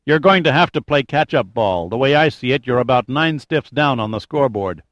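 A cold, wisecracking action hero, voiced by a male narrator talks back with hard, defiant calm. His voice has a middle pitch. The sound is close and dry. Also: brisk, no echo, muffled recording, lightly acted. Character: cool, sardonic tough male hero, adult.

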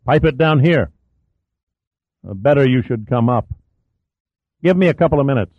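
A man voicing a tense, exasperated male space station commander who talks in clipped, forceful bursts. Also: medium pitch, expressive, normal speed, no echo, close to an everyday voice. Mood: angry. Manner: clipped, forceful, rising to anger. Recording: dry, thin phone-like audio.

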